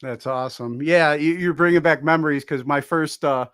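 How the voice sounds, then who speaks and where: A man hosting a podcast, chatting casually and reminiscing in a relaxed, easygoing way. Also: on the high side, moderate pace, clean tone, dry recording, studio quality. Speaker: podcast host. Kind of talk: casual chat.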